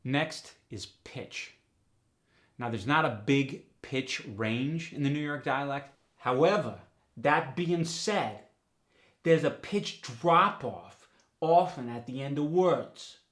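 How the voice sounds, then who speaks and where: A middle-aged man teaching an accent lesson at an unhurried pace. He talks in a medium-pitched voice and lays each point out methodically, one example at a time. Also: fairly bright tone. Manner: methodical, explains step by step with examples. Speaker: accent coach. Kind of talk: instructional explanation.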